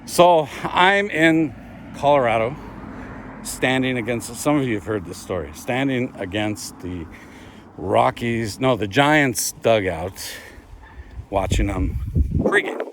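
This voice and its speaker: Middle-aged man, chatty storyteller, animated pitch, faint background noise. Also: slow pace. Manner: chatty, keeps adding "all right?". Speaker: vlogger telling a story. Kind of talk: casual storytelling. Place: at home, dogs barking nearby.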